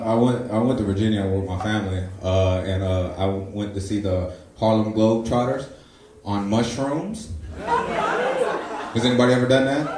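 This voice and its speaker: A man in his twenties doing a stand-up comedy set, telling stories with loud acted-out quotes. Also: mid-range voice, recorded from a distance, noisy background. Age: 20s. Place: comedy club stage. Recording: echoey live room, audience laughter. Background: audience laughing.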